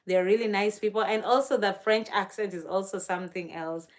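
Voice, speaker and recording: A woman's voice: mid-range voice, fairly even intonation, fairly quick. A young woman from Kenya hosting a casual livestream, chatting about places she wants to visit, gushing and laughing often, and answering viewer comments aloud. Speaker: livestream host. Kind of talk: casual live-stream chat.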